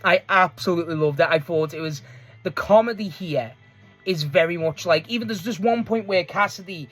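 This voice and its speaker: A man with a notably high-pitched voice recaps a wrestling match in loose, casual talk. He rambles from one moment to the next, restarts often, laughs readily and swears freely. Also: moderate pace, fairly bright tone, faint music behind. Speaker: wrestling fan reviewer.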